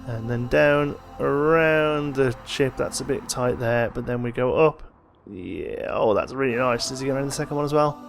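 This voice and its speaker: Tired, gravelly man narrating gameplay. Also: medium pitch, normal speed, hardly any pauses, soft background music. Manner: thinking aloud, relaxed and chatty. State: tired, yawning. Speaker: let's play host. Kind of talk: casual gameplay commentary.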